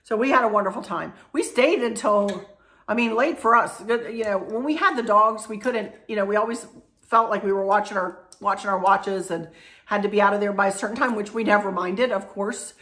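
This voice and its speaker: A woman's voice: mid-range voice, brisk, a bit bright. Emotional chatty woman vlogger. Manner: emotional, chatty, trails into restarts. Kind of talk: casual chat to camera.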